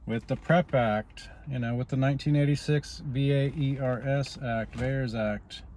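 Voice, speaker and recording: A man's voice: mid-range voice, steady tone, unhurried, hardly any pauses, darkish tone. A man vlogging in a rambling, casual way, stopping often on "you know" as he drifts from politics to personal life.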